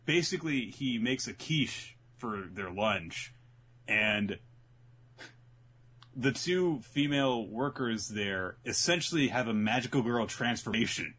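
A man hosting a casual podcast chat, animated and acting out scenes. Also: medium pitch, slightly rough. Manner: animated, acts out scenes in quick voices. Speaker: podcast host.

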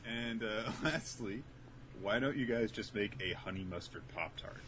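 A man's voice: lowish voice, normal speed. A man co-hosting a podcast, reading out listener questions and trading dry wisecracks. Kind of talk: casual podcast banter. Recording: noisy recording.

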